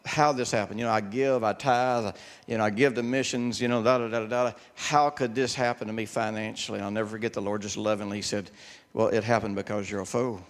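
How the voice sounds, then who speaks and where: A man's voice: lowish voice, fairly even intonation, fast talker, long reverb tail. An older man preaching a sermon, telling folksy personal stories and repeating words for emphasis.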